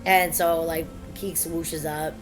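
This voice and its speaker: A woman's voice: deep voice, little pitch movement, slow pace, over music, low-quality recording. A woman player describing her actions in a tabletop game, hesitant and casual.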